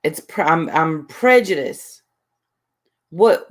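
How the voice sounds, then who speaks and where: A woman's voice: lowish voice, measured pace. Woman, casual livestream chat, rambling, defensive, reads chat aloud. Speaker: livestream host.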